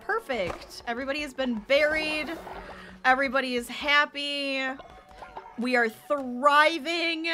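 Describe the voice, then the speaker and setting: Brief: a young woman hosting a game stream; excitable, quick to cheer, fairly high-pitched. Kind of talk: let's-play commentary.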